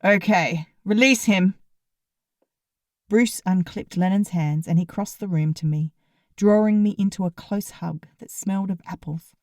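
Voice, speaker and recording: A woman's voice: lowish voice, moderate pace, warm tone, no echo, studio quality. A woman narrating a comic novel in the first person, in a wry, sarcastic way. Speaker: audiobook narrator.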